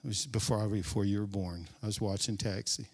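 A male pastor preaching a sermon, repeating key phrases with emphasis, drawing them out and now and then dropping to a hushed aside. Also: fairly low pitch, steady tone, fairly quick.

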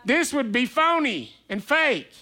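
A man's voice: extremely high pitch, very animated, measured pace, sharp tone. A male pastor preaching a conversational sermon, chatty and playful, asking rhetorical questions.

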